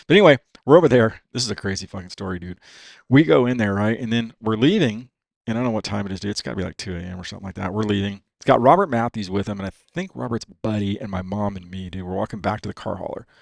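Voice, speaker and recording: A man in his fifties, a racer from California, telling stories on a podcast in a profane, animated way and saying "dude" all the time. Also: on the low side, quick pace, creaky, no echo. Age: 50s. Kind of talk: casual storytelling.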